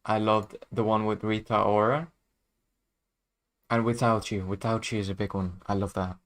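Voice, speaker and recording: A man's voice: fairly low pitch, flat delivery, moderate pace. A man chatting casually on his livestream as a music producer, laid-back and chuckling often, trailing off mid-sentence.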